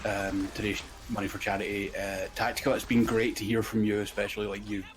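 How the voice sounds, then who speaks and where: A man's voice: lowish voice, level tone, a little fast. Tired Scottish man on noisy voice chat. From Scotland. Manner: hesitant, warm-hearted, many fillers. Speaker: stream guest. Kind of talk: casual chat on a livestream.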